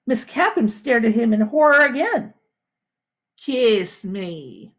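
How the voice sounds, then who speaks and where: A woman school principal reading a novel aloud to her students with expressive storytelling. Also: sits high, fairly quick. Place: home, livestream.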